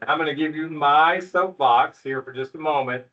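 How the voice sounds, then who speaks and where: Speaking at a moderate pace in a voice on the high side, a middle-aged principal reassures parents at an evening meeting with folksy humor. The audience-filled school room comes through in a distant, muffled recording.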